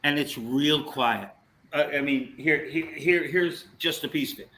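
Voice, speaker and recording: A man's voice: on the high side, unhurried, rough recording. A man telling a story in casual chat, acting out what people said to him. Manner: animated storyteller, acts out quotes.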